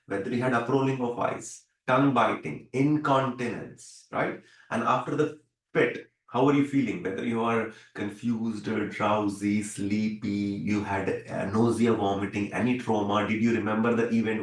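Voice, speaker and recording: A man's voice: fairly low pitch, echoey room, poor audio. A man tutoring doctors for an exam, explaining step by step, repeating key points and often checking in with "right?". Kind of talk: online teaching session.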